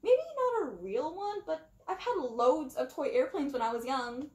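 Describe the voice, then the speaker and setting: A woman voicing a bold, carefree male mouse detective in a storybook reading, talking loud and cocky. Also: sits high, big pitch swings, normal speed. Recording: roomy echo.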